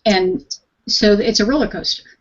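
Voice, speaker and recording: A woman's voice: medium pitch, normal speed, muffled recording. A woman working as a realtor, asking questions in a casual conversation, candid and chaining her thoughts with "and then". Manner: candid, talks in run-on strings of "and then".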